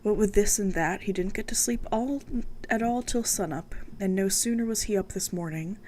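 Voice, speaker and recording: A frightened rural housekeeper woman, voiced by a woman reader, speaking in a plain storybook voice at a middle pitch without any dialect. She rushes through her grim news with a mix of dread and gossip. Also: warm tone, slight background noise, natural voice. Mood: fearful.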